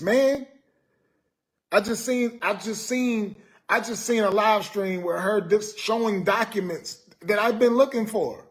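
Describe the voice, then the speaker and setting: A man ranting to his viewers on a live stream, exasperated and joking, repeating himself and tacking on "man". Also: sits high. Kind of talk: casual live stream rant.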